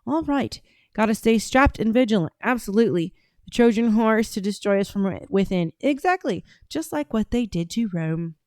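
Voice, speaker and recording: A woman's voice: medium pitch, expressive, normal speed, darkish tone, no echo, clean studio sound. A woman hosting a casual livestream, reading out chat and talking in a brash, profane, drawling way.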